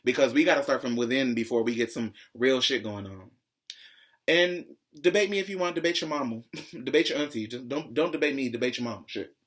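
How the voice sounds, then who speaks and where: A man hosting a pop-culture commentary vlog, talking in a sassy, profane, opinionated way and jumping higher in pitch when excited. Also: a little fast, husky. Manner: profane, sassy, calls viewers "child"; opinionated ranting, swings high when excited. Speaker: vlog host.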